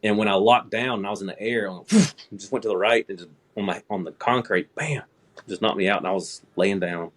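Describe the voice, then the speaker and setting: Man, 30s, low husky voice, casual anecdote, self-deprecating. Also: fairly quick. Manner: relaxed anecdotal storytelling, laughing at himself. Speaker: air traffic controller, guest. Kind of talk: casual storytelling.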